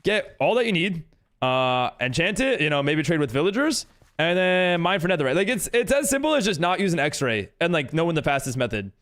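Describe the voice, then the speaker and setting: While gaming, a man who livestreams and hosts a server chats with his viewers, greeting them upbeat and rambling with lots of fillers and restarts. His voice is a little high, fairly bright, brisk and very animated.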